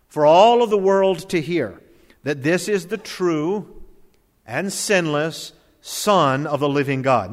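A man's voice: a little high, fairly bright tone, long reverb tail. A man pastor preaching a sermon, emphatic, full of rhetorical questions.

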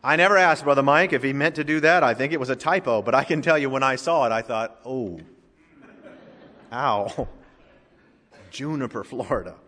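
A man preaching a sermon as pastor, moving from soft asides to loud, emphatic lines. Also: medium pitch, quick pace, few pauses, long reverb tail.

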